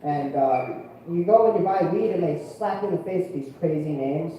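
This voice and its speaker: A man doing a rambling stand-up set at an open mic, telling stories in a deadpan way. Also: on the high side, moderate pace, dull audio. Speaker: stand-up comedian. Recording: echoey room, mic heard from a distance.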